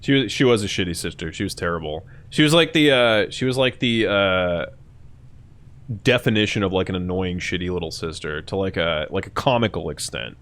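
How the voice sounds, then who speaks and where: A young man briskly hosts a live stream, chatting casually with his audience in a foul-mouthed, energetic way and frequently putting on shrill mock voices.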